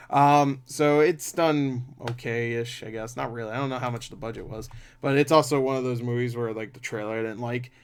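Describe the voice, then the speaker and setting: Chatty, profane male movie reviewer. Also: medium pitch. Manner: chatty, profane, laughs often. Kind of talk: casual box office commentary.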